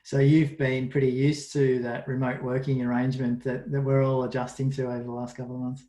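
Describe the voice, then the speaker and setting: A man's voice: medium pitch, little pitch movement, a little fast, dark tone. Roomy-sounding man hosting a webinar. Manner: easygoing, with "um" and repeated starts. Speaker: webinar host. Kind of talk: interview questions.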